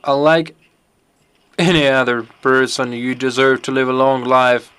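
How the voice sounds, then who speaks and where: Male interpreter for a live Q&A, unhurried and clear-toned, pauses to find words. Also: mid-range voice, flat delivery, fairly bright tone. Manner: halting, picks words as he goes.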